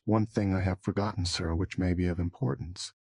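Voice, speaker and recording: A man's voice: sits low, fairly even intonation, a little fast, gravelly, warm tone, husky, no room sound, full character voice. A man reading the part of a frail, old-fashioned elderly male witness who speaks in a quavering voice. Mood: earnest.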